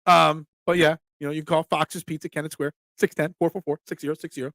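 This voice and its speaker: A man with a high, gravelly voice hosts a sports talk show. He tells stories in a casual, animated way and leans hard on his points. The sound is close and dry, with no room echo. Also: fast talker. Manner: animated, emphatic storytelling.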